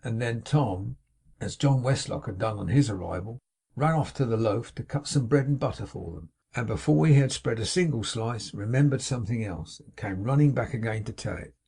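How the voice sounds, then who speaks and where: Husky male audiobook narrator. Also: normal speed. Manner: reads dialogue with lively raised pitch for excited characters. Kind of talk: scripted narration of a classic novel.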